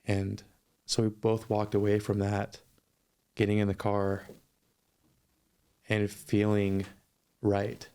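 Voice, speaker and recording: A man guest on a podcast, telling a personal story in a measured, thoughtful, sincere way. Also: lowish voice, monotone, mellow, smooth.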